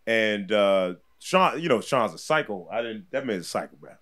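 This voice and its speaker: A man telling a story as a podcast guest, animated and laughing often as he acts out what people said. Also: on the low side, normal speed. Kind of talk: casual storytelling.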